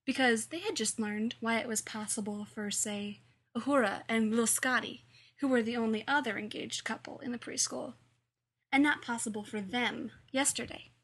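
A woman narrates a story in a light, playful way. Her voice is very bright and somewhat high, with a breathy, husky grain. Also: moderate pace. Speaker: fan fiction reader and author.

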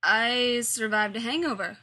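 A woman voicing a grumpy, sarcastic young male teacher who talks bluntly and gruffly. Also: fairly high pitch, a little slow, pushed and bright.

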